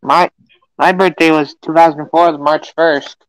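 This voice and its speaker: A woman's voice: deep voice, steady tone, a little slow, poor audio. A young woman chatting casually in a goofy way, making silly noises. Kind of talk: casual chat.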